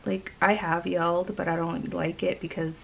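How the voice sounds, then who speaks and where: A young woman tells a rambling storytime vlog at home, speaking casually with many filler words. Her voice sits a little low and has a gravelly, fry-laden edge. Faint noise hums under the camera mic. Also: little pitch movement, normal speed, a bit bright, rough recording. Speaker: vlogger. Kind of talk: casual storytime while doing makeup.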